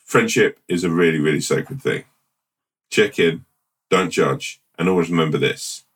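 A man co-hosting a podcast, chatting casually and telling a rambling, playful made-up story with halting restarts. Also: sits low, a bit bright, distant mic. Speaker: podcast co-host. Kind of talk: casual chat and improvised storytelling.

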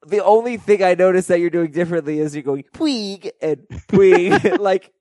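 Male podcast host, lively email reader, slightly high pitch, dry close sound. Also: fast, no echo. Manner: animated, reads listener emails aloud. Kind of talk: fantasy baseball podcast chat.

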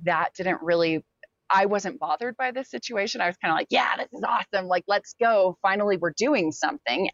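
A woman's voice: mid-range voice, no room sound. A young adult woman, an interview guest, recounting a personal story candidly, with many fillers and quoted asides. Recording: dull, lo-fi sound.

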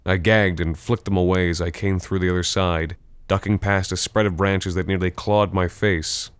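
Deep, smooth male horror narrator. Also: steady tone, no room sound. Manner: measured, tense first-person storytelling.

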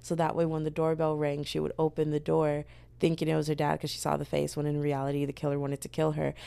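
A woman's voice: sits low, completely flat delivery, fast, creaky, mellow, clear, resonant tone, dry recording. A young woman chatting casually on her channel, retelling a story in a rambling way, full of fillers and quoted voices. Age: young adult. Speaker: book vlogger.

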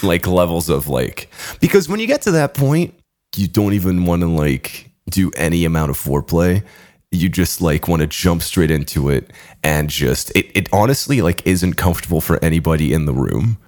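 A man's voice: sits low, big pitch swings, moderate pace, a little mellow. A man hosting a podcast, telling a rambling, profane story in casual chat and often breaking into laughter. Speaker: podcast host.

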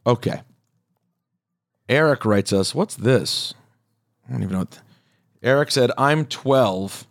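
A man's voice: medium pitch, unhurried, vocal fry, no echo. Male podcast host, casual and wry, reading letters on a dry mic. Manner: wry, reads letters aloud with asides. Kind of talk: casual chat, reading listener mail.

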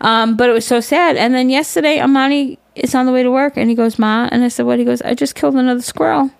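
A woman's voice: a little high, fast, creaky, smooth, no room sound. Swearing New woman, dry close mic. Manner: swears a lot, animated storytelling. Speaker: podcast co-host. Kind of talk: casual chat.

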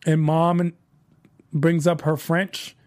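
A man hosting a solo aftershow, retelling scenes in a chatty, animated way and voicing the characters' lines. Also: on the high side, slow. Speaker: podcast host recapping a TV show.

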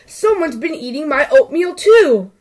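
A woman's voice: high-pitched, big pitch swings, a little slow, a little mellow, pitched above the performer's own voice. A woman voicing a mother bear who gasps her lines. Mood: startled. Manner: gasping.

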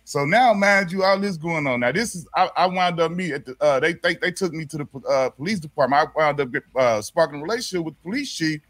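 High-pitched guy telling a wild story on a podcast, slangy, laughs a lot. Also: lively intonation, fast talker, few pauses, fairly bright tone. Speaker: podcast guest, former pro basketball player. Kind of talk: casual storytelling in a conversation.

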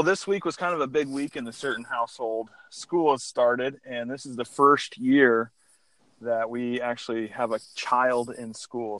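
A man's voice: mid-range voice, fairly bright tone, dry recording, low-quality recording. A man in his thirties talks casually on a podcast and laughs at his own expense. His voice sits in a middle register. The recording is dry and close. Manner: self-deprecating, laughing easily. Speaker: podcast co-host. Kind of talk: casual chat.

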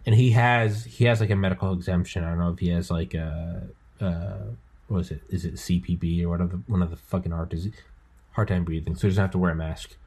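A man's voice: low-pitched, fairly even intonation, quick pace, darkish tone, breathy edge. A man hosting a podcast in casual chat, rambling through stories, swearing and acting out quotes in a raised voice. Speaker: podcast host.

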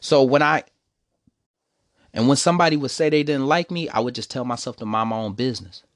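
A man's voice: mid-range voice, brisk, no room sound, studio quality. Emotional man telling his own story. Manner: emotional, preachy, repeats "see, the thing is". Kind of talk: personal storytelling monologue.

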